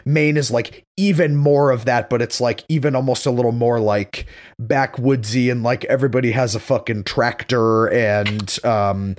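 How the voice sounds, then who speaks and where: A man's voice: mid-range voice, fairly even intonation, moderate pace. A man from Massachusetts chatting casually. He rambles and leans on "like", with casual swearing. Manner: rambling, filler-heavy, casually profane. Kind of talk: casual chat.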